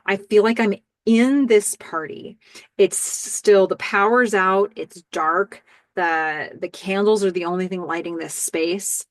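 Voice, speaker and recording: A middle-aged woman hosting a podcast, giving an animated, enthusiastic recap of a TV episode. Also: mid-range voice, slow pace, no room sound. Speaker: podcast host.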